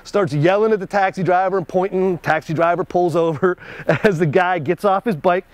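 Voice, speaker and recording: American male storyteller, slightly higher voice, animated, chuckles often. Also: normal speed, no room sound. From United States. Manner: animated, chuckles between lines. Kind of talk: casual spoken anecdote.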